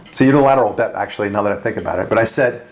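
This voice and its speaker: A radio talk show host giving a speech to a dinner audience, punchy and rhetorical, with frequent asides asking "right?" and small laughs. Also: male voice, fairly low pitch, very fast. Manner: conversational, with restarts and small laughs.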